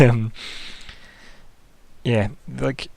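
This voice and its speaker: A man's voice: medium pitch, fairly even intonation, extremely slow, creaky, dry recording. Rambling man narrating as game master. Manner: rambling, loose, full of fillers like "kinda" and "like".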